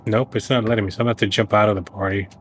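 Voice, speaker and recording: A man's voice: on the low side, fairly even intonation, racing, music in the background. A man chatting playfully over voice chat while gaming with friends. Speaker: gamer in voice chat.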